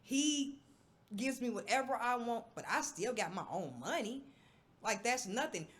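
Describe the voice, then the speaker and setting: Loud brassy woman, aave, high voice that jumps all over, cussing while she chats. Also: unhurried, slightly rough. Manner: brash, profane, animated storytelling. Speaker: podcast co-host. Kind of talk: casual chat.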